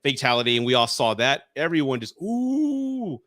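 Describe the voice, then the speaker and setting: A man's voice: mid-range voice, fairly even intonation, fast, bright, forceful tone, dry recording, studio quality. A man in his forties, a guest on a casual podcast chat, telling nostalgic stories with many restarts. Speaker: guest reviewer.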